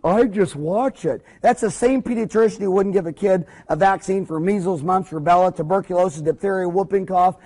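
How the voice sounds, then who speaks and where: A man's voice: high-pitched, fairly quick, hardly any pauses, darkish tone. Fired-up, blunt man lecturing. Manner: fired-up, blunt, preachy, acts out little scenes. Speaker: dentist lecturing fellow dentists. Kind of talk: energetic spoken lecture.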